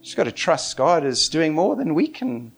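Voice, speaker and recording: A man preaching a sermon in an animated way, often breaking into laughter as he talks. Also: a little high, normal speed, gravelly, slightly rough, soft background music.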